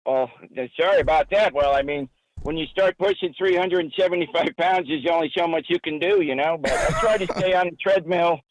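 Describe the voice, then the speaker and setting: A man's voice: a little high, dry recording, natural voice, low-quality recording. A man playing a crude, boastful aging caller with a New Jersey accent who calls himself a producer. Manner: boastful, crude, quick to take offense. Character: sleazy aging male caller, loud braggart producer.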